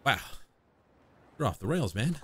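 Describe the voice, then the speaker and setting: A man's voice: medium pitch, sing-song, unhurried, slight background noise, voice pushed down. A man voicing a blunt, exasperated tough guy while reading game dialogue aloud, using sarcastic, slangy talk close to his own voice.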